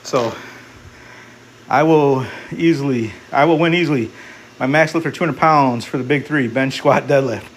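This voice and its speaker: A man's voice: medium pitch, moderate pace, slight background noise. A man vlogging casually at the gym, blunt and joking as he talks between heavy squat sets. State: out of breath. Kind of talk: casual gym vlog talk.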